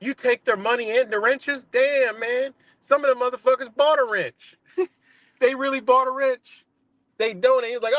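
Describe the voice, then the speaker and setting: On his livestream, a high-voiced man launches into a heated, profane rant, mocking and swearing at someone. He speaks at normal speed with a somewhat bright tone, and the recording is dry and close with no room around it.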